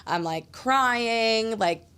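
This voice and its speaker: A woman's voice: on the high side, drawn-out words, clean tone. A young woman hosting a podcast, telling a personal story in casual chat, full of "like" fillers and swearing. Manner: animated storytelling, heavy "like" fillers, frequent swearing. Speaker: podcast host.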